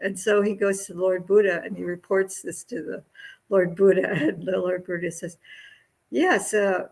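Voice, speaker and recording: A Buddhist nun giving a dharma talk, who hesitates, searches for words and laughs lightly. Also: female voice, lowish voice, flat delivery, normal speed, gravelly, a little mellow, breathy edge, rough recording.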